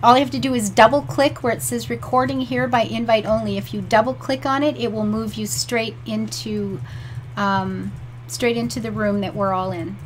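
A woman's voice: on the high side, fairly even intonation, normal speed, slight background noise. A North American woman hosting a casual online writing chat, bubbly and giggly, calling people sweetie and darling. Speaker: host of a writing livestream.

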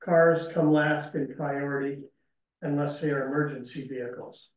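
A man on a committee explaining a point at a public meeting in a deliberate way. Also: on the high side, fairly even intonation. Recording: distant, echoey meeting room.

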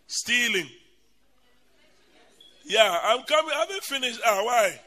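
A man preaching a sermon as a bishop, telling stories animatedly and calling out a list with loud, stressed emphasis. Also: very high-pitched, unhurried, pauses often. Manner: animated, bursts into loud emphatic shouts and laughter; lists items in a loud, stressed cadence. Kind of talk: sermon with comic storytelling.

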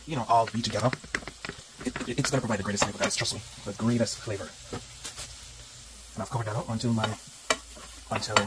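A man's voice: on the low side, heavy background noise. A man from Jamaica with a Jamaican accent, chatting upbeat to viewers while cooking dinner at home. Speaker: home cook. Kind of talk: cooking vlog narration. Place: home kitchen. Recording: home kitchen with loud sizzling pan.

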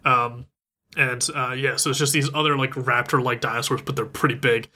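A man's voice: medium pitch, brisk. A podcast host man recapping an anime in casual chat, laughing often. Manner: laughing often, animated retelling.

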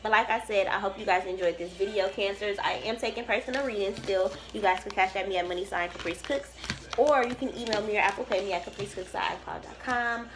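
A woman's voice: medium pitch, fast, noisy background. A woman giving a casual tarot reading to camera. She talks in an emphatic, profane and preachy way, rambling and restarting her sentences. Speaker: tarot reader.

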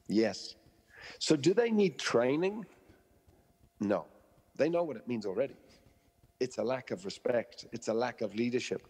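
A man's voice: medium pitch, expressive, unhurried, pauses often, a little mellow, husky, long reverb tail. A man, a dog trainer being interviewed, who explains through stories and analogies and acts out the people he quotes. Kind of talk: interview conversation.

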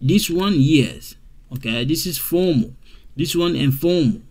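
A man teaching a beginner English grammar lesson, repeating example sentences slowly with many fillers and checks. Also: a little high, expressive, darkish tone. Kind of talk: slow classroom grammar lesson.

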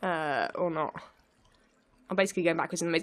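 Fast and fairly bright, this young woman's lowish voice carries live commentary on her own let's play gameplay. She sounds flustered, narrates to herself, and breaks into frequent laughter.

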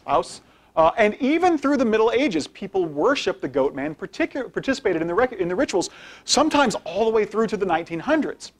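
A man's voice: sits high, big pitch swings, fast. A man giving an informal lecture with slides as a guest speaker. He talks conversationally, often tags sentences with "right?" and asks for the next slide as he goes. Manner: conversational, frequent tag questions; directs slide changes while speaking. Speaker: guest speaker, philosophy professor.

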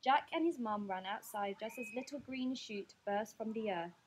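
A woman teacher reading a picture book aloud to her class in an expressive, lively way. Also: on the high side, normal speed, slight background noise, rough recording.

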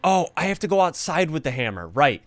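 A young man plays on his gaming channel, delivering excited, jumpy commentary packed with panicked gasps and yelps. His voice is a little high with big swings in pitch, he speaks a little fast, and there's no room sound.

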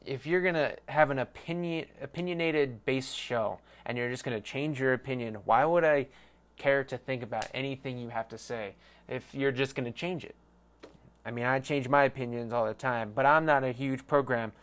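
A man's voice: medium pitch, moderate pace, fairly bright tone. A man hosting his own fan podcast, rambling through a casual solo sports rant with swearing and self-mocking asides.

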